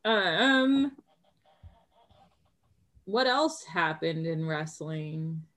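A woman's voice: low-pitched, animated, very slow, fairly bright tone. A middle-aged woman co-hosting a podcast, teasing and laughing often in casual chat. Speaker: podcast co-host.

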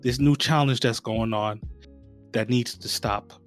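A man co-hosting a casual podcast, telling stories in a slangy, animated way. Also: medium pitch, a little slow, faint music behind. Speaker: podcast co-host. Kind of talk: casual chat.

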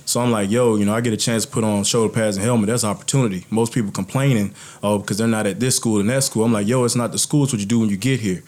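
A man's voice: fairly low pitch, rapid-fire, hardly any pauses. A man who played pro football tells his own life story in casual chat and acts out what others said. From United States. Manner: animated storyteller, acts out quotes. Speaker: guest, former NFL player.

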